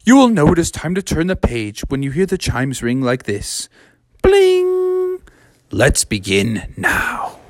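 Relaxed, rambling children's storyteller. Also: medium pitch, moderate pace, no echo, studio quality. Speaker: podcast storyteller.

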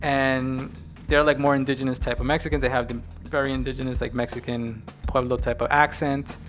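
A man in a casual conversation about a film, animated and acting out lines now and then. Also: medium pitch, brisk, faint music behind. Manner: animated, acts out characters' lines. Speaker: co-host discussing a film. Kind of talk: casual chat.

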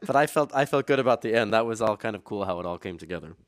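A man appearing as a podcast guest in casual chat, relaxed and self-deprecating. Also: lowish voice, rapid-fire, no room sound, studio quality.

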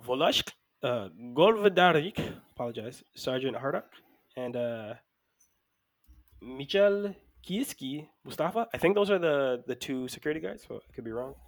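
A man co-hosting a casual movie review chat, animated and quick to act out scenes and laugh. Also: mid-range voice. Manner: animated, acts out scenes in voices, laughs often. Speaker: podcast co-host.

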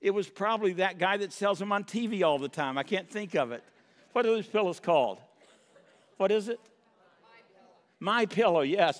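A man's voice: high voice, lively intonation, normal speed, pauses often. A middle-aged male pastor preaching a sermon in a church, building to impassioned cries with wry humorous asides. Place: church sanctuary. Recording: long hall reverb.

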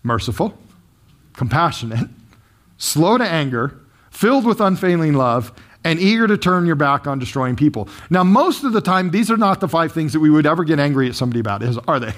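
Pastor, male, animated and chatty sermon delivery, high-pitched, swinging pitch. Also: brisk. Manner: lively, conversational, joking with the congregation.

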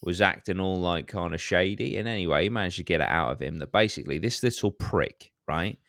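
A man's voice: sits low, a little fast, gravelly, fairly bright tone, dry recording, studio quality. A man, hosting a podcast and telling a story in casual chat, swearing heavily and ranting with animation. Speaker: podcast host.

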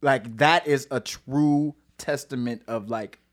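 A man from St. Louis, a singer-songwriter guesting on a podcast, telling his story in a casual, animated way with lots of fillers, swearing and laughter. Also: medium pitch, slow. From St. Louis, USA.

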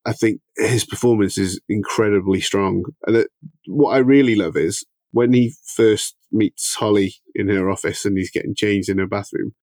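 A man's voice: lowish voice, normal speed, a little mellow, no room sound. A man co-hosting a casual film podcast, talking through scenes and performances in detail. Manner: analytical, enthusiastic about film details. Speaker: podcast co-host.

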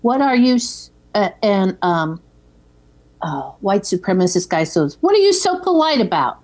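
Woman cohost on a podcast, chatty, acts out the quotes, middle pitch. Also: very animated, measured pace, a little mellow. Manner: retells scenes by acting out quoted lines. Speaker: podcast co-host. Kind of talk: casual chat recapping a film.

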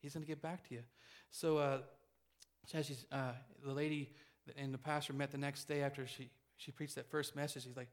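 Fast-talking man telling a sermon story. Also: mid-range voice. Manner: fast, animated storytelling with restarts. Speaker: preacher.

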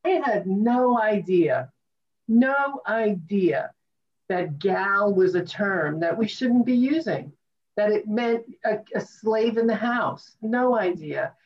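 A woman hosting a talk show, speaking slowly in an emotional, appreciative way. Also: medium pitch, expressive. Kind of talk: interview conversation. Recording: distant, dull lo-fi sound.

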